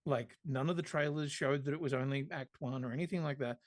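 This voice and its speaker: A man's voice: medium pitch, fairly quick, no room sound. A man co-hosting a podcast in casual chat, talking bluntly and wryly with plenty of swearing. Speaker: podcast co-host.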